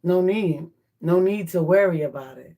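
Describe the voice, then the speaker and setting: A woman's voice: on the low side, normal speed, warm tone. A woman hosting a livestream, musing in a casual, reflective way and repeating her points. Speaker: livestream host.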